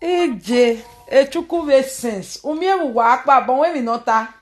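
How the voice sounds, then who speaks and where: A woman's voice: high-pitched, expressive, normal speed, reverberant, faint music behind. A woman filming a casual home vlog, coaxing a crying child and laughing often. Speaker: vlogger filming her family.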